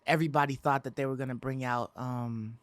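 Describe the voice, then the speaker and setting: A man's voice: medium pitch, fairly even intonation, a little fast, fairly bright tone, no room sound. Laid-back male co-host, rambling casual delivery, dry close-mic recording. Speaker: podcast co-host. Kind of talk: casual gaming podcast chat.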